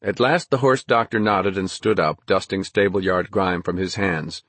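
A man narrates a storybook at a measured, even pace. His voice sits low with a husky grain. The recording is dry and close. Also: no room sound. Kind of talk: audiobook narration.

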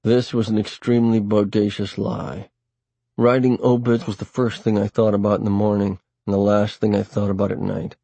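A man reading a first-person novel aloud in a wry, dry, deliberate way. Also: fairly low pitch, little pitch movement, creaky, warm tone, no echo. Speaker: audiobook narrator. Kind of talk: first-person audiobook narration.

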